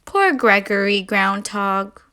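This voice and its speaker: A woman reading a story aloud to young children, expressive and asking them questions along the way. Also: mid-range voice, slow pace. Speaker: early years educator.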